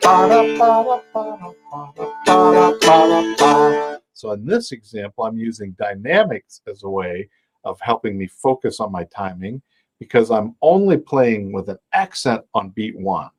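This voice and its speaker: A man's voice: lowish voice, sing-song, moderate pace, soft background music. Man teaching timing over plucked strings. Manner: explains timing with counting, scatting and sung demonstrations over his own playing. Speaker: music teacher. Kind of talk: live online music lesson. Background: his own dulcimer playing.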